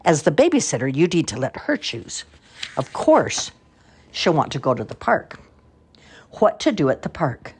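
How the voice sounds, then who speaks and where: Older woman, storybook read-aloud, low husky voice, very lively pitch, playful. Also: normal speed. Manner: expressive, playful. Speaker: storyteller grandmother. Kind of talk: reading picture books aloud.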